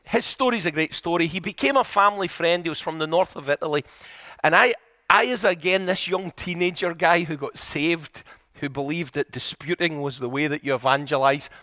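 A man's voice: on the high side, normal speed, sharp tone, no echo, clean studio sound. A middle-aged man preaching a sermon in a church, telling stories earnestly and building to emphatic, repeated points.

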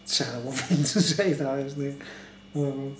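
A man's voice: fairly high pitch, darkish tone. Tipsy, rambling man in an echoey room. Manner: chatty, meandering, fond of filler phrases. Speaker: beer reviewer. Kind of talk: casual rambling monologue.

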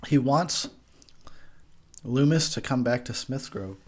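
A man's voice: medium pitch, expressive, slow, breathy edge. A young man giving a tipsy, profane movie commentary, rambling and laughing at his own jokes. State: tipsy from beer.

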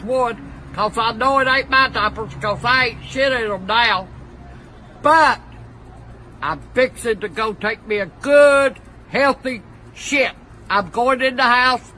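A woman's voice: a little high, sharp tone, slight background noise, low-quality recording. An older woman, ranting in a foul-mouthed, cranky way through mock news and weather reports outdoors on a balcony. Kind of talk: profane comic rant to camera.

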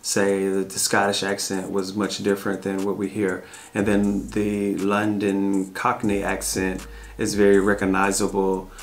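An American man from Arkansas co-hosts a family vlog Q&A, chatting casually and often repeating words and restarting sentences. His voice is low, and his delivery is a little slow and completely flat.

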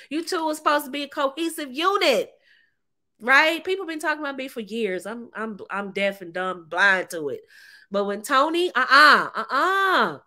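A woman coach from the United States talks in an animated, emphatic way, repeating her words for effect and acting out little quoted voices. Her voice sits a little high and sounds bright and forceful. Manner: emphatic, repeats phrases, laughs often; plays out short quoted voices. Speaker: relationship coach. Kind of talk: animated motivational talk.

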